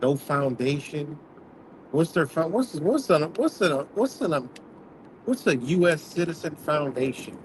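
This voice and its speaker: A man's voice: fairly high pitch, very animated, a little slow, slight background noise, low-quality recording. A man hosting a livestream, talking bluntly in a rambling, profane, casual rant, apparently from inside a vehicle. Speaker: livestream host.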